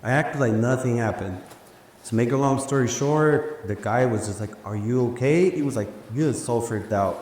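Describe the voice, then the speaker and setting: Animated storytelling man in an echoey hall. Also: medium pitch, moderate pace. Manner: animated, slangy, acts out quoted dialogue. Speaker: speaker sharing a personal story. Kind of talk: casual storytelling at a live event. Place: large room before a live audience. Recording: echoey hall with faint ambience.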